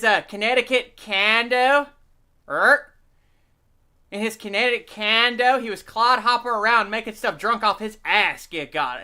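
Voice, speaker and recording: A man's voice: very high-pitched, pushed and bright. A man hosting a live stream, rambling and profane while he reads the chat and eats.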